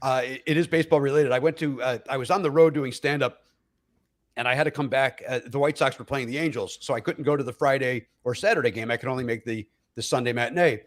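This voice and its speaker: A man's voice: mid-range voice, quick pace. A middle-aged man, a comedian, telling stories in a casual podcast chat and acting out the voices of the people in them. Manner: animated storyteller who acts out quoted voices. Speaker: comedian guest.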